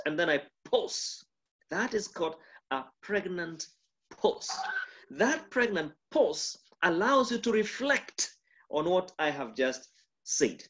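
A man with a Kenyan accent, a pastor giving a mentorship lecture on communication, demonstrative and full of pauses and shifts in volume. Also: highs cut off. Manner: lively, demonstrative, shifts volume and pitch to illustrate.

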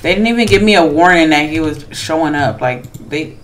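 During a horror game let's play, a chatty, anxious gamer talks to the on-screen characters and other players, mixing hushed asides with excited outbursts. The mid-range voice is brisk, with few pauses.

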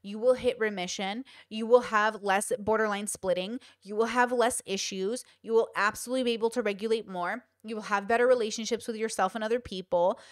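A woman's voice: mid-range voice, steady tone, fairly quick, hardly any pauses, no echo, studio quality. A young adult woman hosting a podcast, giving casual advice in an emphatic way and repeating points for stress. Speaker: podcast host.

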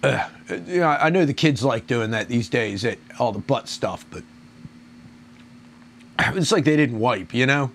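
Man, casual beer reviewer, mid pitch, groaning and crude complaints. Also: animated, measured pace, creaky, pauses often, a bit bright, slight background noise.

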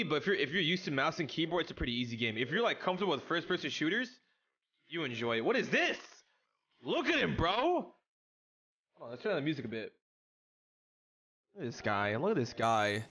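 A young man streaming a video game, chatting casually with his chat in an excitable, slangy way. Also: fairly high pitch, brisk, soft background music. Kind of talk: casual live-stream chat while gaming.

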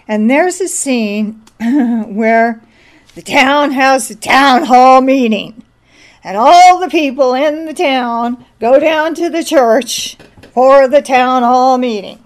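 A woman's voice: high voice, slow. A woman giving an informal sermon, telling a story and exhorting listeners. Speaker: preacher. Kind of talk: informal sermon with a film anecdote.

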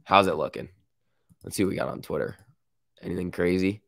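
A man's voice: sits low, fairly quick, gravelly, no echo, studio quality. A man with a sick voice hosting a live stock market stream, reading chat and reacting in casual slang. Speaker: stock market livestream host.

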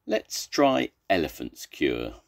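A man's voice: deep voice, wildly swooping pitch, slow, gravelly, full character voice. An older man voicing a proud, fretful young male zebra who keeps hiccuping mid-sentence, in a children's storybook reading. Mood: amused.

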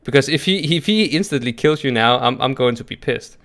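An excitable guy chatting through a co-op video game with a mid-range voice at an everyday pitch. he laughs a lot, cheers his partner on and gets loud when things go well. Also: a little fast. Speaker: co-op gaming partner. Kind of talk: live gameplay chat.

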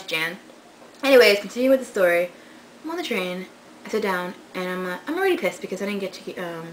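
Bright-voiced young woman telling a sarcastic, swearing story. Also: medium pitch, slight background noise, poor audio. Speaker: vlogger. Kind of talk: casual storytelling vlog.

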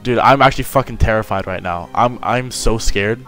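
A man's voice: on the low side, brisk, a bit bright, faint music behind. A young man giving horror game commentary, jittery and swearing, yelping when startled. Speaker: gamer.

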